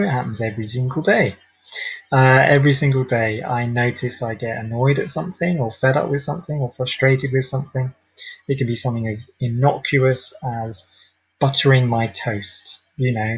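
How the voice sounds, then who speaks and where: A man teaching mindfulness in a gentle, unhurried way, with ums and small laughs along the way. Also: mid-range voice, breathy edge. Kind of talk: relaxed spoken teaching. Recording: dull lo-fi audio.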